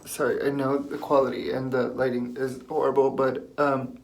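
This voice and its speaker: A young man vlogging while crying on a bathroom floor, halting and full of fillers. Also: mid-range voice, little pitch movement, creaky, background noise. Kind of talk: emotional confessional vlog.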